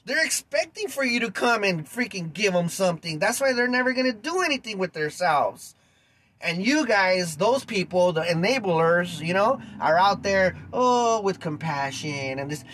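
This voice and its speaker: A man with a high-pitched voice hosts a podcast and rants at his listeners. He talks bluntly and with heat, throwing in plenty of street slang. His delivery stays direct and confrontational. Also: lively intonation, normal speed, a bit bright, slight background noise, poor audio. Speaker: podcast host. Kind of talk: ranting podcast monologue.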